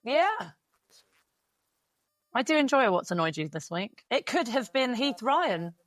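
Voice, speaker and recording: Woman, thirties, podcast host, candid and sweary, talks in rapid runs, dry close recording. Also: a little high, big pitch swings, fairly bright tone, dry recording. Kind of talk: casual podcast chat.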